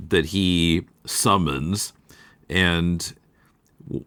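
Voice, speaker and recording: A man with a very deep voice hosting a podcast chat, recorded dry and close with no room sound. He recounts things in a measured, thoughtful, detailed way. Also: fairly bright tone, clear, resonant tone, no room sound. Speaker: podcast host. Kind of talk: casual chat.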